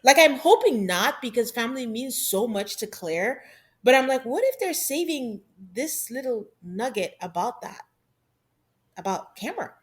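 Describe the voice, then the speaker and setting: A woman's voice: fairly high pitch, sing-song, moderate pace. A woman co-hosting a podcast, chatting casually through a reality-show recap and laughing often. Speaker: podcast co-host.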